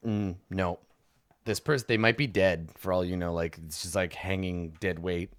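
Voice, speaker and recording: Low-voiced man running a tabletop game. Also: fairly even intonation, moderate pace, clear, resonant tone, no echo. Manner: rambling, full of ums and likes. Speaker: dungeon master.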